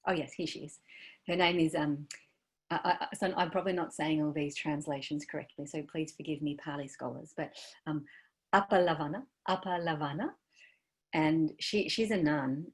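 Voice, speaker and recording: A woman giving a dharma talk as a meditation teacher, gentle and searching, trailing off softly with many fillers. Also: sits low, normal speed.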